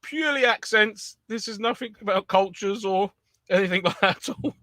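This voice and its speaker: A man's voice: sits high, moderate pace, pushed and bright, no room sound. A man co-hosting a podcast, joking, swearing and laughing through casual banter. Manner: jokey and giggly, swearing freely. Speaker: podcast co-host.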